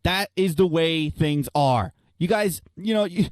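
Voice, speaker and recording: A young male radio host with a high, bright voice delivers a blunt, profane rant, reading listener messages aloud and firing back at them. The sound is dry and close, with no room around it. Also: unhurried, no echo. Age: young adult. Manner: blunt, profane, ranting, addresses listeners as guys and folks. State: out of breath. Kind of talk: opinionated talk radio rant.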